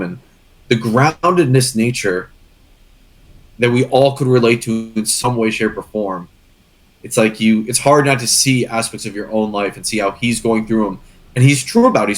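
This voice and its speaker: A young man chatting casually on a podcast, earnest and rambling, getting emotional as he talks. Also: lowish voice. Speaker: guest co-host.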